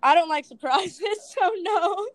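In a casual interview, a young woman who makes videos tells chatty stories, laughing a lot and acting out what people said. Her voice is very high-pitched and her pace measured, and the recording is very noisy.

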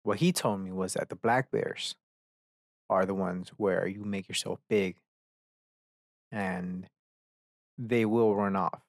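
A man's voice: low-pitched, fairly even intonation, slow pace, gravelly, long pauses, no room sound. Young male podcast host, loose profane rant, dry close sound. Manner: profane, rambling storyteller who acts out characters. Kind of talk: casual rant.

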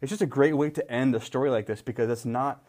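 A man's voice: medium pitch, fairly even intonation, quick pace, darkish tone. A man co-hosting a casual movie chat, rambling with many fillers and restarts and teasing wryly. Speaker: podcast co-host.

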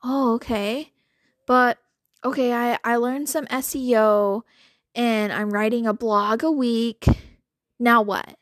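A woman hosting a podcast, talking in a chatty, animated way with lots of filler words and little laughs. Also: fairly high pitch, takes it slowly, dry recording, studio quality. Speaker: podcast host. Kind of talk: casual monologue.

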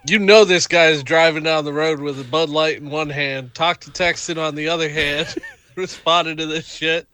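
A man's voice: a little high, steady tone, moderate pace, pushed and bright, clean tone, dry recording. A man co-hosting a casual podcast, joking and teasing in banter.

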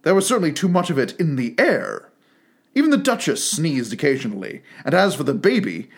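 A man reading a classic storybook aloud with expressive, animated storytelling. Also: a little high. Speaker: narrator.

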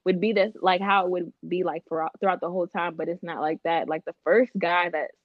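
A woman's voice: a little fast, no echo. A young woman in casual podcast chat, telling a dating story and acting out the other people's lines. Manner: animated storyteller, acts out quotes with big pitch jumps. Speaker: podcast co-host. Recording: dull, slightly lo-fi, dry.

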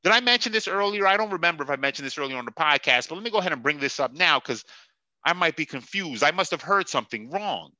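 A man's voice: on the high side, expressive, fast talker, pushed and bright, dry recording, dull audio. A man hosting a sports podcast, ranting with profanity and sarcasm and laughing at his own jokes. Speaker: podcast host. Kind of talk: heated sports podcast rant.

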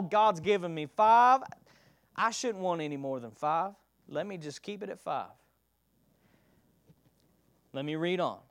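A man preaching a sermon, reading scripture aloud and expounding it, calling on the congregation to respond and swinging between loud declaiming and soft asides. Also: high voice, clean tone, no room sound, studio quality.

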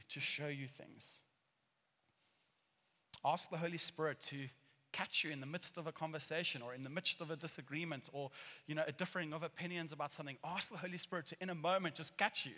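A man preaching a sermon as pastor, earnest and animated, acting out quotes as he tells a story. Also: a little high. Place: church hall. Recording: long hall reverb.

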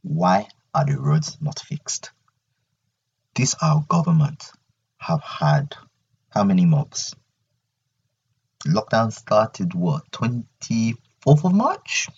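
A man's voice: low voice, slow pace, pauses often, a little mellow, husky, lo-fi sound. A young man hosting a solo podcast, ranting animatedly and repeating his points. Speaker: podcast host.

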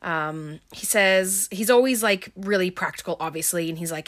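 Chatty woman, lowish voice, casual movie recap host, lots of filler words, dry asides. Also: moderate pace, fairly bright tone. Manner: wry, offhand asides. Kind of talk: casual film plot recap.

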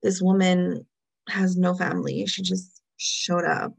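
A woman's voice: lowish voice, flat delivery, unhurried, vocal fry, husky. A woman in a casual chat who mostly adds short comments and asks questions about the episode. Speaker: podcast co-host.

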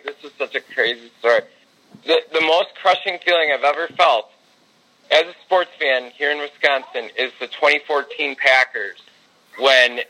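A man on a casual sports podcast with a bright, forceful voice, spinning fan stories with loose swearing. He gets worked up recalling big games and talks in an easy, unscripted way. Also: medium pitch, low-quality recording. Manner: storytelling, swearing, excitable when reliving games. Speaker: podcast co-host.

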